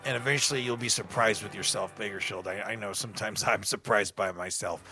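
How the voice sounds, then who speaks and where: A man's voice: lowish voice, a little fast, music in the background. A man hosting a radio show, chatting casually and rambling between songs with self-deprecating asides. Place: radio studio.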